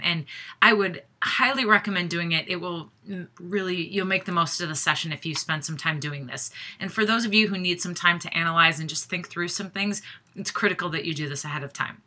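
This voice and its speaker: Woman, middle-aged, workshop facilitator, encouraging, frequent restarts, lowish pitch, very bright tone. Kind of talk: direct-to-camera prep message.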